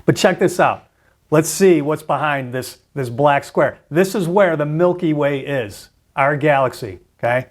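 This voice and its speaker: A man's voice: on the high side, unhurried. A man hosting a trading video, walking viewers through a screen graphic, getting worked up and often repeating himself. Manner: animated, repeats and restarts, gets worked up. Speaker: trading channel host. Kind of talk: excited screen-share explainer.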